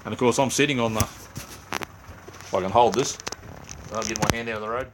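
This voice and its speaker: Over some background noise, an Australian man with a lowish voice talks at normal speed while hosting a late-night livestream. Tired from too little sleep, he rambles casually and easily with viewers, using lots of fillers, friendly slang, "mate," and "um."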